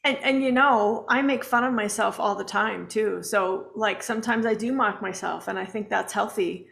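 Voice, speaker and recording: A woman's voice: mid-range voice, moderate pace, gravelly, a bit bright. A woman co-hosting a casual spiritual chat, enthusiastic and blunt, swearing now and then. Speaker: co-host.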